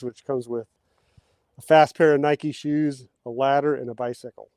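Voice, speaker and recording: Chatting with viewers and reading their comments aloud, a man hosts a relaxed outdoor livestream as he digs post holes, sometimes getting out of breath. His medium-pitched voice is clear, resonant, and a little mellow, with fairly even intonation at normal speed and no echo.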